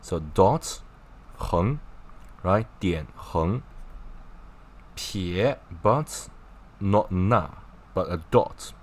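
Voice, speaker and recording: A man's voice: low-pitched, animated, drawn-out words, pauses often. A man teaching a casual online language lesson, chatty and encouraging, explaining with gestures and repeated examples. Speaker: Chinese teacher.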